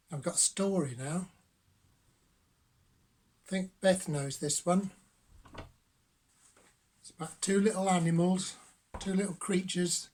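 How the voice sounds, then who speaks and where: An older man reading a children's picture book aloud as a grandfather, gentle and unhurried. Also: sits high. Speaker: grandfather storyteller.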